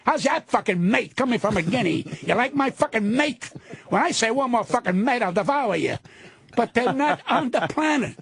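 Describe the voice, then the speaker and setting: An older male comedian ranting loudly and profanely as a guest in a radio studio. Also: very high voice, lively intonation, normal speed, vocal fry, a little hiss or hum. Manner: loud, profane, indignant ranting.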